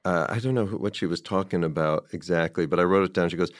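A man with a low, smooth voice talks loosely and warmly about a movie he loves, circling back and quoting lines as he goes. The sound is close and dry, with no room around him. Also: quick pace, dry recording. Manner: rambling, enthusiastic, quotes dialogue in passing. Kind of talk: casual film discussion.

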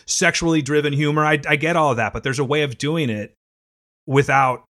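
A man's voice: on the high side, fairly even intonation, normal speed, a bit bright. A man in casual conversation, speaking earnestly and carefully hedging his points.

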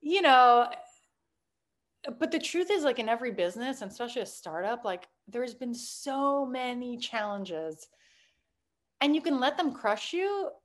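A woman with a high voice speaks as a guest in a relaxed interview. She is chatty and animated in her wording, peppering her talk with fillers and quick laughs. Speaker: startup founder, guest.

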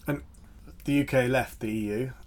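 A man's voice: medium pitch, steady tone, normal speed, a little mellow. A man moderating a panel, asking brief questions and prompting the speakers.

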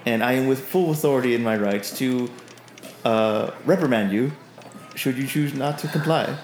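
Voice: medium pitch, moderate pace, darkish tone, slight background noise, close to an everyday voice. A man voicing an overly enthusiastic, self-important young male guard who stammers in his eagerness. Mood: officious. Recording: roomy echo.

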